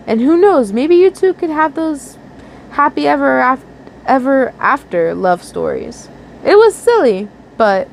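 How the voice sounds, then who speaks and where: A woman's voice: on the high side, a little hiss or hum, rough recording. A young woman earnestly reading a romantic fan story aloud, often stumbling and restarting words. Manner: earnest, with frequent slips and restarts. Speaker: fanfiction reader.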